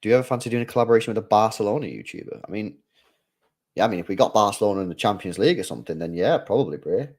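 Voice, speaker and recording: Young man, low voice, casual rambling watchalong commentary. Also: lively intonation, very fast. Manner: chatty slang-heavy fan talk, rambling with restarts. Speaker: football watchalong host. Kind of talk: casual live match commentary.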